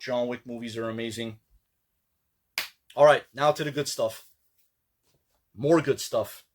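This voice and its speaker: A man talking casually about his latest collectible finds. His voice sits at an ordinary middle pitch. He rambles, restarting sentences and filling pauses with "uh" and "like". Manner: rambling, relaxed, many fillers and restarts. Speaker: collector vlogger. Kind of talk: casual pickups vlog.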